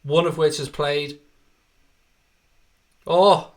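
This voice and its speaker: An Irish man with a Dublin accent runs a live football watchalong. His voice sits a little higher than most men's. He chats loosely, swears often and reads viewer messages between quick updates on the game. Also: steady tone, fairly bright tone. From Ireland. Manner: chatty, swears freely, reads viewer comments aloud. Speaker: livestream host. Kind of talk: live match watchalong commentary and chat.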